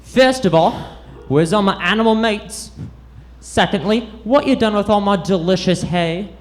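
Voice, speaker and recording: A man's voice: sits high, unhurried, voice pushed up. A man voicing a cocky male horse at a bar, brash and demanding, in a stand-up bit. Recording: live club with loud audience noise.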